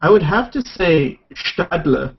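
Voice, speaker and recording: A man hosting a relaxed livestream with friends. His voice sits a little high and comes through dull, lo-fi stream audio with a faint hiss behind it. He talks in a chatty, joking, unhurried way. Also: gravelly. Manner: laid-back, joking, chatty. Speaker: stream host. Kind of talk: casual livestream chat.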